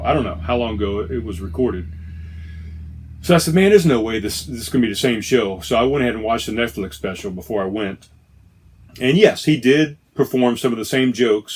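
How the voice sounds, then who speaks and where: A man's voice: medium pitch, husky. A middle-aged man talks alone on his podcast in a casual, rambling way. He gets enthusiastic and often circles back to fix his own wording. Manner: rambling, self-correcting, enthusiastic. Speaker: podcast host. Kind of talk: casual solo podcast chat.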